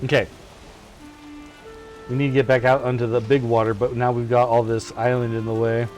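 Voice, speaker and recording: A man streaming a co-op game, chatting casually and telling a myth in a playful, animated way. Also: mid-range voice, a little fast, lo-fi sound, soft background music. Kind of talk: casual gameplay chat with storytelling.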